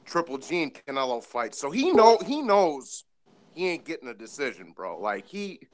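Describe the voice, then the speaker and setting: A man co-hosting a casual boxing podcast, loud and rowdy with frequent laughter. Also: a little high, sing-song, moderate pace. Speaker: podcast co-host.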